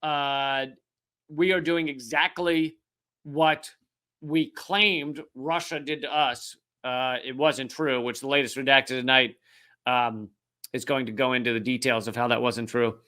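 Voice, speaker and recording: A man's voice: medium pitch, steady tone, measured pace, sharp tone. A man hosting a comedic political commentary show, talking to camera in a sarcastic, profane monologue with rambling asides.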